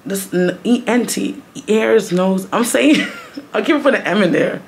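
A woman's voice: medium pitch, unhurried, gravelly, husky, low-quality recording. A woman vlogging from a doctor's office into a phone held close, rambling and giggly, sometimes half-whispering. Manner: rambling, giggly, self-mocking; talking half-whispered at times. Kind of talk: casual vlog chat.

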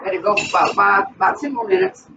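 A woman's voice: mid-range voice, quick pace, vocal fry. Woman, cooking vlog host, chatty step-by-step talk, home kitchen, noisy background. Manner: chatty, talks the viewer through each step. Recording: distant, dull, noisy home recording.

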